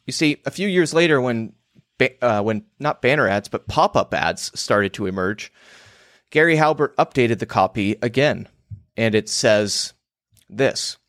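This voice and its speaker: A man's voice: mid-range voice, expressive, unhurried, a bit bright, no echo, clean studio sound. A man hosting his own show, delivering a crude, emphatic monologue on copywriting. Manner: emphatic, provocative, crude and theatrical.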